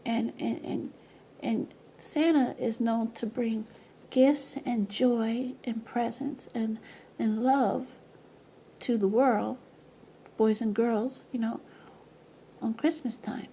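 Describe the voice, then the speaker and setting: A woman talking casually to her camera, rambling, repeating words and breaking into loud laughing asides. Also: fairly high pitch, steady tone, slow, pauses often, slight background noise. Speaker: video presenter. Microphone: camera mic.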